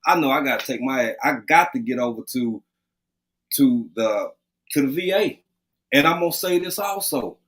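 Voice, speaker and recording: A man's voice: medium pitch, animated, moderate pace, fairly bright tone, low-quality recording. A middle-aged man with an East Texas accent, co-hosting a livestream, who talks earnestly and repeats himself as he urges men to see the doctor. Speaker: livestream co-host. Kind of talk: casual chat.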